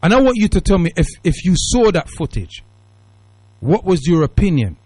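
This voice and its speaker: A man hosting a call-in radio show, his British accent shot through with Jamaican Patois. He talks in an emphatic, preachy way, his fairly high voice swinging widely up and down. The studio sound is dry and close. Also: very animated, normal speed, darkish tone, slightly rough, dry recording. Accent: Jamaican Patois-tinged British English. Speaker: radio talk show host. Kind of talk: casual call-in radio talk.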